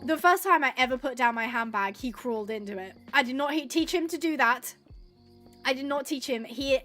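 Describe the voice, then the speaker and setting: A woman with a high voice chats away on a live gaming stream, rambling from one story to the next. She laughs often and slips into little acted-out quotes. Faint game music plays softly underneath. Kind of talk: casual live-stream chatter while gaming.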